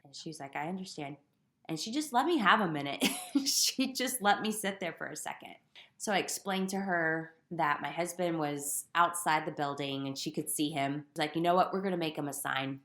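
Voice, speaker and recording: A woman's voice: low voice, normal speed, fairly bright tone, reverberant. A young woman candidly telling her personal story on a podcast, with self-deprecating humor. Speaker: guest sharing her story.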